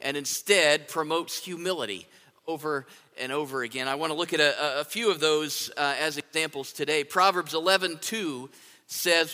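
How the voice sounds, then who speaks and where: A man's voice: fairly high pitch, normal speed, bright, forceful tone. A man preaching a sermon in a conversational way, often asking "right?" to his listeners. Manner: conversational, asks rhetorical "right?". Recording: long hall reverb.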